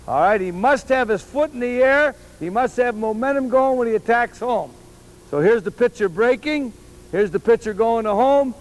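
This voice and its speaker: A man's voice: very high-pitched, rough recording. A man coaching baseball on a field, demonstrating drills with emphatic, repeated key phrases, from an old VHS tape. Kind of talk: instructional demonstration.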